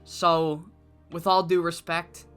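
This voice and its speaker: A woman's voice: lowish voice, flat delivery, slow pace, a bit bright, clean tone, faint music behind, pitched below the performer's own voice. A woman voicing a humble male wrestling champion who speaks politely and earnestly in a game story.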